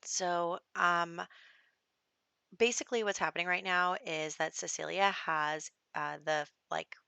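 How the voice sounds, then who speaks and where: A woman's voice: on the low side, fairly even intonation, a little slow, creaky, pushed and bright, clean tone, no room sound. A young adult woman giving casual, rambling commentary over a life-sim game, with lots of fillers and little laughs. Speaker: gameplay commentator.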